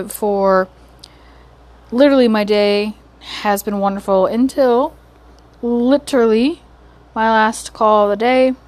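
A woman's voice: medium pitch, darkish tone. A young woman working as a call center agent, venting in a heated, profane rant about a bad call and her team lead. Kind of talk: ranting vlog.

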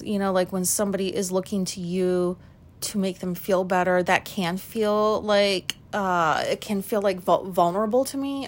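A woman hosting a solo podcast, talking frankly and questioning herself, swearing freely and filling pauses with likes and ums. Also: mid-range voice. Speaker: podcast host. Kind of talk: candid solo podcast monologue.

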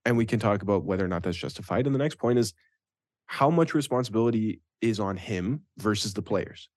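A man co-hosts a casual football podcast in a fairly low voice. The sound is dry and close. He argues his points with animated conviction and tags his sentences with "right?". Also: fairly quick, no echo. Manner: animated, opinionated, leans on "right?". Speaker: podcast co-host. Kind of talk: casual sports chat.

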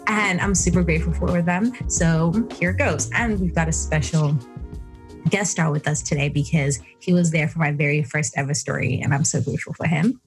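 A young South African woman hosts a podcast, animatedly telling a personal story in a casual way and acting out her own thoughts. Her low voice holds a steady tone at a normal pace, with faint music behind it.

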